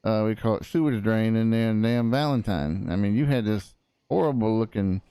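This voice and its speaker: Man, low and mellow, smooth. Plays a rambling, folksy old frontier prosecutor full of asides. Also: moderate pace, dry recording. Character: cranky old frontier lawyer. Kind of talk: in-character roleplay chat.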